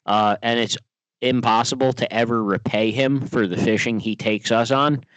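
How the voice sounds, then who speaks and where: A man co-hosting a fishing podcast, talking quickly and eagerly in a casual chat. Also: medium pitch, steady tone, a bit bright, dry recording, rough recording. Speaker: podcast co-host.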